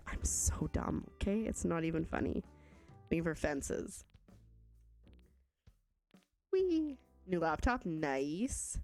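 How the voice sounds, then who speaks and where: A young woman from Canada, chatting casually and rambling as she streams a game and answers chat. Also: on the low side. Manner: chatty, rambling, reads chat aloud, laughs often.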